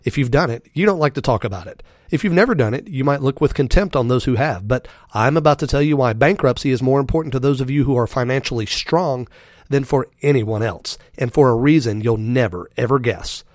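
A man hosts a finance podcast with a voice gone raspy from a respiratory illness. His pitch sits in the ordinary middle range, and he addresses listeners directly and with emphasis. The sound is dry and close, with no room echo. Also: a little fast, a little mellow. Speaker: podcast host. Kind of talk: scripted finance podcast monologue.

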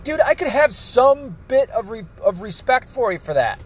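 A man's voice: very high voice, expressive, moderate pace, hardly any pauses, breathy edge. A man ranting angrily about politics, swearing constantly. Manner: angry, profane, ranting. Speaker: political commentator. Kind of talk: profane political rant.

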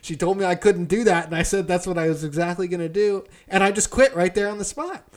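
Young male co-host, slightly high-pitched, profane and animated storyteller. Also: quick pace. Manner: profane, animated storyteller who acts out quotes. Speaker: podcast co-host. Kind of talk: casual storytelling chat.

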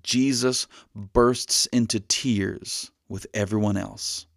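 Earnest low-voiced man preaching a sermon. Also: steady tone, takes it slowly, vocal fry, dry recording, studio quality. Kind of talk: podcast sermon.

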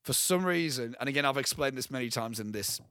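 A young man co-hosting a podcast, talking casually and excitedly about a film, rambling and swearing freely. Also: medium pitch, brisk, clean tone, dry recording, clean studio sound. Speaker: podcast co-host.

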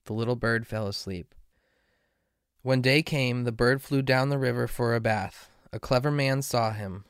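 A man reading a fairy tale aloud in a slow, measured way. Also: mid-range voice, smooth, no echo, clean studio sound. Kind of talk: storybook reading.

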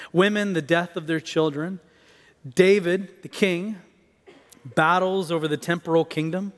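A man with a high voice preaches in a church sanctuary, the sound ringing with a long reverb. His delivery is expressive, climbing for emphasis and then sinking almost to a hush. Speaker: pastor. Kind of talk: sermon. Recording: reverberant hall.

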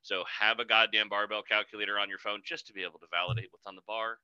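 Blunt, profane male co-host with a low, sharp voice, recorded dull and dry. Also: flat delivery, quick pace, smooth, dry recording. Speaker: podcast co-host, powerlifting coach. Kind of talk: casual podcast chat.

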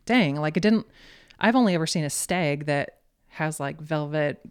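Casual guest, woman, deep voice, chatty storyteller with many fillers. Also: animated, moderate pace, smooth. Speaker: podcast guest.

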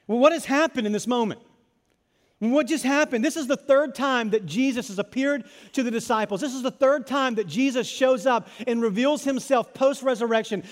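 A man with a high, light voice delivers a sermon, retelling a story with lively acted-out lines and playful repetition. His voice rings with a long reverb, as if heard in a large hall. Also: moderate pace. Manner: animated storytelling, acts out biblical dialogue with repeated phrases. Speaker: pastor.

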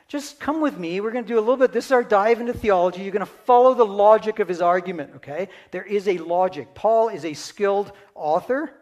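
A man preaching a sermon in a conversational teaching manner, often checking in with his listeners. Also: high voice. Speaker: pastor.

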